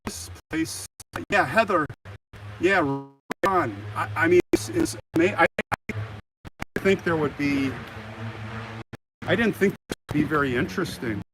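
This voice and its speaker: A man's voice: fairly high pitch, a little slow, pauses often. An older American man hosting a live walking tour of a cemetery, chatting in a rambling way and answering viewer comments as he goes. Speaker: livestream host. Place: outdoors in a cemetery. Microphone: phone on a live stream. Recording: harsh noisy live-stream audio.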